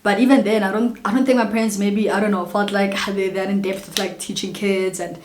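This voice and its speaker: A South African woman in her late twenties, chatting casually and warmly as a vlogger, telling childhood stories with lots of asides to viewers. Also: medium pitch, little pitch movement, fairly quick, reverberant, a little hiss or hum. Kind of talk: casual get-to-know-me storytelling.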